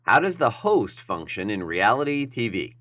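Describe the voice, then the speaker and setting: A man's voice: lowish voice, big pitch swings, moderate pace, noisy background. A man hosting a casual chat, asking short questions and agreeing easily. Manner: brief, agreeable prompts and questions. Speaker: host and interviewer.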